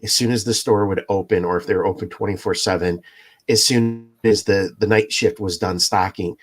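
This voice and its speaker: A man's voice: deep voice, fairly even intonation, normal speed. A laid-back man, a podcast co-host, chatting casually, laughing often and swearing. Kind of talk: casual chat.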